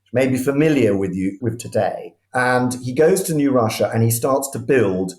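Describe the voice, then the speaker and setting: A man's voice: mid-range voice, expressive, moderate pace, darkish tone, reverberant. A man speaking as a guest historian, telling history as vivid anecdotes and often restarting his sentences mid-thought. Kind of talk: conversational history storytelling.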